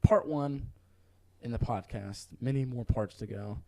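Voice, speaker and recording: A young man from North Carolina co-hosting a casual podcast, excitable and swearing freely as he reacts to stories. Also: medium pitch, unhurried, vocal fry, low-quality recording. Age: young adult. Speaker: podcast co-host. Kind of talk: casual chat.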